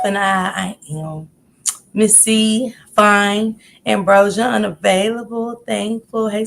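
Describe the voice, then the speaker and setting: A woman's voice: on the high side, gravelly. A woman hosting a casual livestream, a little out of breath as she chats and greets viewers one by one with upbeat calls. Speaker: livestream host.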